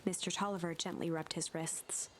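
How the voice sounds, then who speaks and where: A woman narrating a game's text aloud in an even storybook manner, sometimes hushed. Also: on the low side, normal speed, soft background music. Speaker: streamer reading narration.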